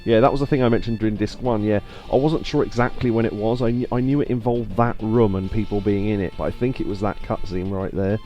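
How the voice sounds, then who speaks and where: A man streaming a live video game playthrough, chatting in a rambling way with quick laughs. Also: lowish voice, fairly even intonation, dark tone, dull audio, faint music behind. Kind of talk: live let's play commentary.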